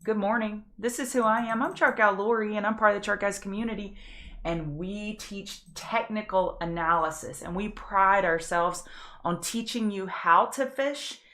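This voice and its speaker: A woman's voice: medium pitch, fairly bright tone. A woman hosting a live stock market prep show, chatty and easily emotional as she walks through charts. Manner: chatty, emotional, quick to tear up. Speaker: market analyst host. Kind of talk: live trading show commentary.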